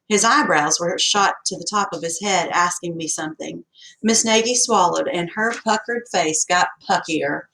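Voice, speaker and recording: A woman's voice: mid-range voice, creaky, poor audio. Woman narrating a folksy audiobook. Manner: folksy, storytelling, expressive. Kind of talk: scripted first-person narration.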